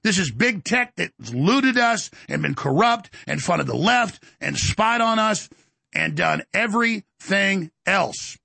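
Gravelly heated talk show host, man. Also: lively intonation, slow pace, pushed and bright, dry recording. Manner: heated, emphatic, acts out quotes in higher voice. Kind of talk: ranting monologue.

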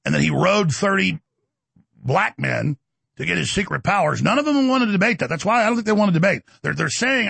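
A man's voice: high-pitched, expressive, brisk, creaky, breathy edge, no room sound. A middle-aged man hosting a talk show, ranting in a combative, blustering way. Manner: combative, blustering, loud bursts. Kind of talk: heated talk show rant.

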